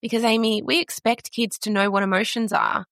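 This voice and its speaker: Podcast guest: middle-aged Australian woman, earnest storyteller, gravelly voice, dry close sound. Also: fairly high pitch, steady tone, a little fast, fairly bright tone, no room sound. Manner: earnest, storytelling, frequent restarts. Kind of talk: conversational podcast interview.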